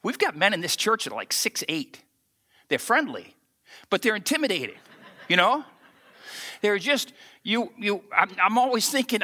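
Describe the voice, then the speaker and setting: Male pastor, sermon, animated storyteller, high, bright voice. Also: normal speed, slightly rough. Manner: animated storytelling, acts out the scripture.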